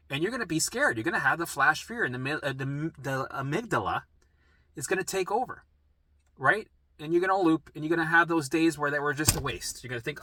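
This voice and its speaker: A man speaks straight to camera in a bright, forceful, slightly high voice, recorded dry and close. He coaches bluntly, swears freely and keeps checking in with "right?" as he acts out anxious what-if thoughts. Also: dry recording. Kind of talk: direct-to-camera talk.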